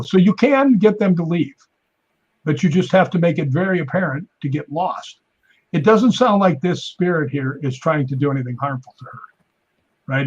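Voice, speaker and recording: His voice is slightly rough and the audio is dull. As a guest stuntman and paranormal investigator on a podcast, he tells stories in a relaxed, animated way, performing the quotes in a higher pitch.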